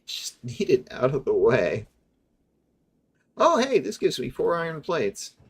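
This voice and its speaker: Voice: mid-range voice, wildly swooping pitch, measured pace, slightly rough. A streamer giving casual, chatty commentary over a factory-building game, explaining its mechanics with amusement.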